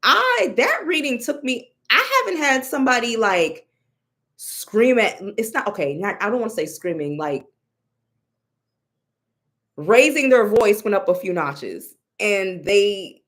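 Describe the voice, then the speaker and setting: A young woman telling a story in a casual, expressive way, exclaiming and mimicking others, with many restarts. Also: mid-range voice, a little slow, pauses often. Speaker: storyteller recounting a reading.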